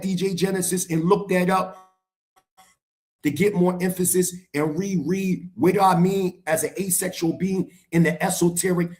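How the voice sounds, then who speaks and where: A middle-aged man speaking as a guest on a live stream, heated and lecturing, hammering his points by repeating phrases. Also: high voice.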